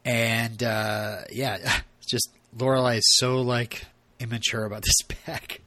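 A man's voice: mid-range voice, level tone, slow pace, pushed and bright, dry recording. A man casually recapping a TV episode as a podcast co-host, chatty and full of laughs and fillers.

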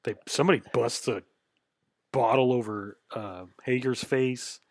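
A man's voice: mid-range voice, fairly even intonation, a little slow, dry recording, clean studio sound. A man co-hosting a casual chat, chiming in with short agreements and added details. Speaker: podcast co-host.

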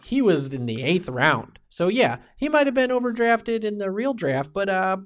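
A man's voice: high-pitched, big pitch swings, normal speed, pitched above the performer's own voice. A man putting on a put-on Chicago accent, playing a brash, boastful Chicago sports superfan who rambles. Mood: brash boasting. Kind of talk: comedy podcast bit.

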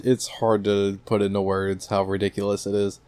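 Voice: sits low, level tone, moderate pace, a little mellow, no room sound. A podcast co-host chatting casually in a laid-back way, adding short remarks. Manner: laid-back, short interjections, self-described tired. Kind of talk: casual chat.

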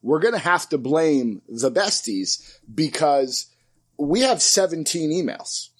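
A man's voice: on the high side, animated, slow, slightly rough. A man co-hosting a podcast in casual chat, joking and self-deprecating. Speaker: podcast co-host.

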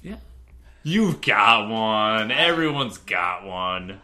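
A man's voice: fairly low pitch, very animated, drawn-out words, bright, forceful tone, slight background noise. A man co-hosting a comedy podcast, teasing and goading a friend. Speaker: podcast co-host. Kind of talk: casual comedic podcast banter.

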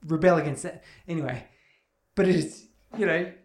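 A man's voice: on the high side, moderate pace, a little hiss or hum. A man chatting about a film, making playful jokes. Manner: joking, playful asides. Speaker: podcast co-host. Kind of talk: casual film recap chat. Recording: echoey room.

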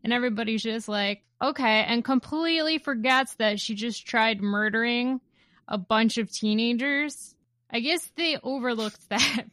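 Woman podcast cohost, bit high and bright, wry jokey recap chat. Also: moderate pace, no echo. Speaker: podcast co-host.

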